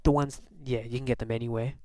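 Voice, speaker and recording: A man chatting casually to camera as a vlogger, relaxed and full of fillers. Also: mid-range voice, quick pace, no echo.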